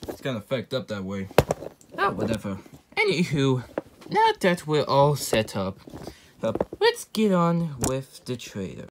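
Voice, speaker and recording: A man's voice: medium pitch, huge pitch swings, a little slow, long pauses, crowd noise. A young man hosting a casual reaction video, talking in a loose, rambling way. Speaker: channel host.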